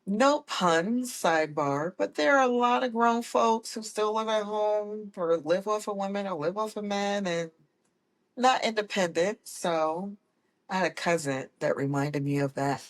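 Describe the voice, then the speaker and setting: Woman guest, mid-pitch, casual storyteller who often stops to correct herself. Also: a little slow. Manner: animated, acts out quoted people with voice changes. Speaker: guest, autism mom.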